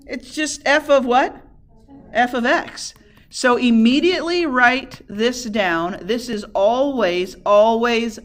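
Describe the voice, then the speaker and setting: A woman's voice: on the high side, a bit bright. Woman teacher quizzing her class. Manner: asks questions to the class and answers them. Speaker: math teacher. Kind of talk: classroom lecture.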